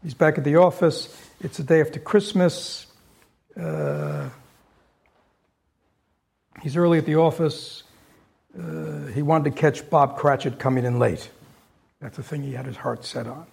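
A man's voice: fairly high pitch, animated, a little slow, gravelly, pauses often, darkish tone. A man giving a dharma talk in a loose, conversational way, with frequent fillers, who reads story passages aloud with rising force. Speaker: dharma teacher.

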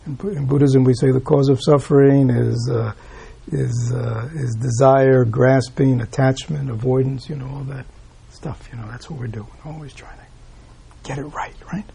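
A man's voice: mid-range voice, creaky, warm tone, a little hiss or hum. A man giving a Buddhist dharma talk, asking rhetorical questions and tagging "right?" onto his points with small chuckles. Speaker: Buddhist teacher.

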